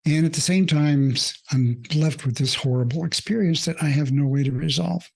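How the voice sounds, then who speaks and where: Telling a personal story with plenty of fillers and pauses, a male mindfulness coach sounds earnest and openly emotional. His voice sits on the high side, darkish in tone, with noticeable vocal fry.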